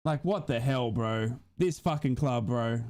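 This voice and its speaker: A man's voice: mid-range voice, a little slow, darkish tone. A young man doing live fan commentary on a football match as a watch-along streamer, passionate, swearing and emotional.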